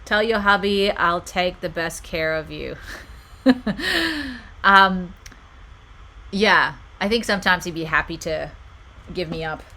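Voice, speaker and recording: Bright-voiced woman giving soothing advice. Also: on the low side, takes it slowly, pauses often, rough recording. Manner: warm, reassuring, reads viewer comments aloud. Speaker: spiritual channel host. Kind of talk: live-stream reading and advice.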